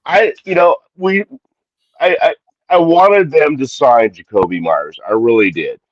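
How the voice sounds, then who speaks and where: A man's voice: a little high, unhurried, no room sound, highs cut off. A man co-hosting a podcast in casual sports chat, rambling and correcting himself with exasperated asides. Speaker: podcast co-host.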